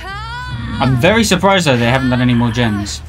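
A man's voice: mid-range voice, wildly swooping pitch, moderate pace. A man streaming a video game, commenting on his play in an exasperated, ranting way. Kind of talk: live gameplay commentary. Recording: game music playing underneath.

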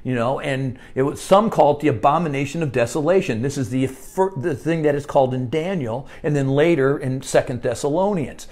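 An American man teaching a Bible study as pastor, conversational, often checking in with "all right?" and climbing high when he stresses a point. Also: fairly quick, hardly any pauses, darkish tone.

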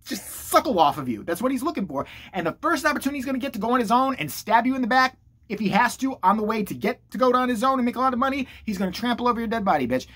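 A woman giving a brash, foul-mouthed comedic rant about online drama, with quick mock impressions of the people she talks about. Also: medium pitch. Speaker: comedy commentator.

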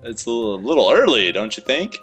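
A man playing his priest character in a tabletop game, animated and playful. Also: medium pitch, a little fast, soft background music. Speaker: player.

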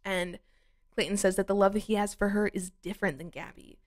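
A woman's voice: mid-range voice, steady tone, brisk. A woman with a mid-range voice recaps a reality show in a loose, opinionated way. She fills her talk with "like" and drops swear words freely. Her tone is that of an easygoing vlog chat. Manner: chatty, lots of "like", swears freely.

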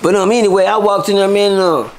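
A man, a guest in an interview, telling stories in a casual, profane and animated way. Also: sits high, fast talker, a little hiss or hum. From Texas. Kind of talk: casual storytelling.

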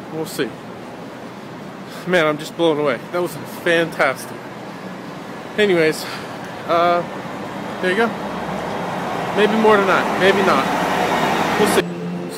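Man vlogger, slightly high voice, casual and halting, filmed outdoors over loud traffic. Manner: chatty, hesitant with many ums. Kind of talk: casual daily vlog. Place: city streets outdoors. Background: traffic and street noise.

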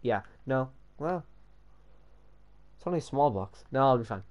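A man's voice: medium pitch, animated, a little slow, a little mellow. A young man giving casual gameplay commentary while building, sweary and sarcastic, often muttering to himself. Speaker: gamer building in a block game.

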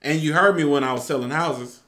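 A man co-hosting a casual reaction chat, loud and jokey, recorded in an echoey room. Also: on the high side, brisk. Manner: loud, jokey, bursts into shouting laughter. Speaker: co-host.

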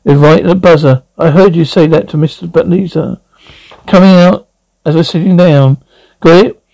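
A man's voice: on the high side, steady tone, gravelly, darkish tone, dry recording, poor audio. A man retelling a cartoon episode in a loose, rambling way, with frequent halts and restarts as he voices the dialogue. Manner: rambling, halting, many restarts.

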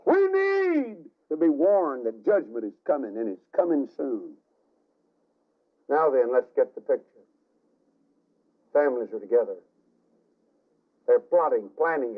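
A man preaching a fiery revival sermon, telling the story dramatically with sudden shouts and hushed asides. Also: mid-range voice, sing-song, measured pace, long pauses. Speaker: evangelist. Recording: tinny archival radio broadcast.

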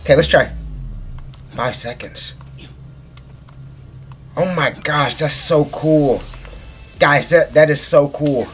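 A man in his twenties giving excitable let's play commentary, shrieking in delight and saying bro constantly. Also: a little high, takes it slowly, pauses often, soft background music. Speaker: gaming YouTuber.

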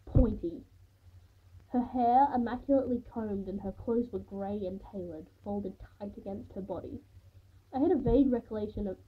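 A woman's voice: medium pitch, breathy edge. A woman reading her own first-person story aloud in a plain, unpolished way, sometimes restarting a phrase. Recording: tinny phone-like sound.

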